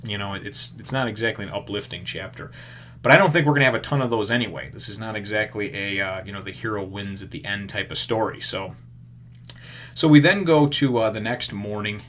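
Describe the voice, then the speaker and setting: A man talks through a comic book story in a loose, rambling way, slipping into the characters' lines as he retells them. His voice sits fairly low. A faint hum runs under the recording. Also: bright, forceful tone. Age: adult with children. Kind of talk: casual recap.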